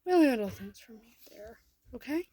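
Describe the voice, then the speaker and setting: A woman voicing a protective big-brother turtle who reassures in a husky voice. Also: on the high side, expressive, unhurried, dark tone. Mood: reassuring.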